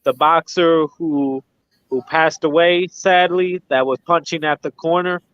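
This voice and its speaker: Male stream host, slightly high voice, loose rambling chat, dull dry recording. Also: steady tone, a little slow, fairly bright tone, clear, resonant tone, no room sound. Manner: rambling, lots of fillers and restarts. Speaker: host of a boxing livestream. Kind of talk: casual chat. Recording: dull lo-fi sound.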